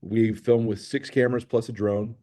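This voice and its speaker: A man's voice: lowish voice, little pitch movement, moderate pace, warm tone. A middle-aged man, a film director guest, telling stories eagerly with many restarts in an interview. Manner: enthusiastic storytelling with many restarts. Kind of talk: interview chat.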